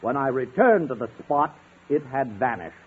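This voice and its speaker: A man's voice: mid-range voice, big pitch swings, moderate pace, breathy edge. An actor playing a stern, pompous man school official in a 1950s radio comedy. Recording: tinny old radio broadcast with faint hiss.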